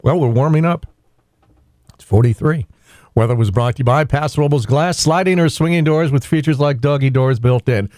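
A male radio host reading the weather, sponsor messages and phone numbers in a brisk, matter-of-fact way, then taking calls. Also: medium pitch, a little mellow, no echo. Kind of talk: local morning radio hosting.

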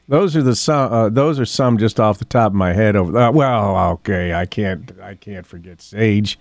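An older man hosting a local radio talk show, rambling in a folksy way with ums and frequent throat clearing. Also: fairly low pitch, unhurried, a little mellow, dry recording, clean studio sound. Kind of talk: casual talk radio monologue. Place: radio studio.

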